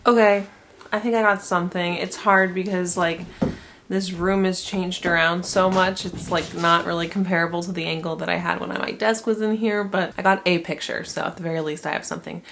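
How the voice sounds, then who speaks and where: Chatty young woman with a lowish voice. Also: steady tone, fairly quick, background noise. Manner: rambling, chatty, swears casually. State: pregnant. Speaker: vlogger. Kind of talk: casual vlog chat.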